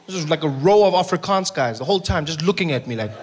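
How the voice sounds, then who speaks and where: A young South African comedian performs stand-up on a club stage, animated and quick to slip into characters. His voice sits high for a man. A handheld mic picks him up over clear live noise.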